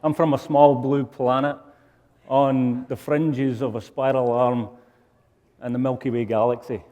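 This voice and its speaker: A Scottish man gives a lecture in a wry, self-mocking tone. His voice sits at an ordinary middle pitch. It carries a long reverb from a large hall. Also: flat delivery, unhurried, mellow, muffled recording. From Scotland. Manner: wry, self-deprecating humor. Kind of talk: public lecture.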